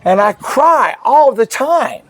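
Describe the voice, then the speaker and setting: A man's voice: very high-pitched, sing-song, takes it slowly, dry recording. A male pastor giving an earnest, emotional testimony and laughing now and then as he tells it. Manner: earnest, laughs through his story. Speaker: pastor, guest.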